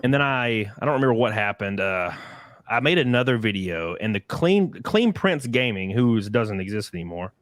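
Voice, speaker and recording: A man hosting a podcast, chatting casually in an animated, crude, joking way. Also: fairly low pitch, moderate pace, no echo, clean studio sound. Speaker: podcast host.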